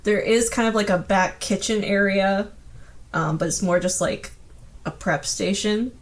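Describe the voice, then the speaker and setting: A woman's voice: mid-range voice, fairly even intonation, a little slow. A woman narrating as game master of a tabletop game, easygoing, with frequent hesitant fillers and laughter.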